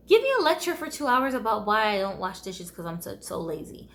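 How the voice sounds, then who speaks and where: Woman vlogger, mid-pitched, casual storytime delivery, candid, wry laughs. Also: big pitch swings, a little fast, hardly any pauses. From United States. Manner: candid, conversational, often laughing wryly. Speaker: vlogger telling her life story.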